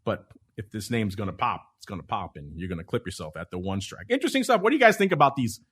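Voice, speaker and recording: A man's voice: fairly low pitch, very animated, fast talker, a bit bright, husky. A man hosting a podcast in casual chat, teasing his co-hosts playfully. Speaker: podcast host.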